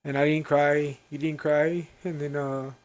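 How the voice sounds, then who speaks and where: Brief: young man, slightly higher voice, halting and emotional personal storytelling. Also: little pitch movement, darkish tone. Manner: halting, choked up, apologetic. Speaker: podcast co-host, brother.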